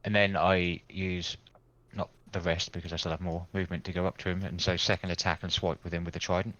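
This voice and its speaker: A man's voice: low voice, flat delivery, quick pace, fairly bright tone, no echo. A man playing a tabletop game, casually describing his character's moves in third person. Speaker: player. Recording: dull lo-fi dry mic.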